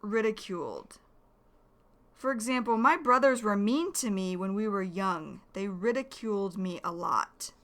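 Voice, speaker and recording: Slow, bright-voiced woman teaching. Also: mid-range voice. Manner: slow, clear, repeats each word. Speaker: English teacher. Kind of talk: slow vocabulary lesson.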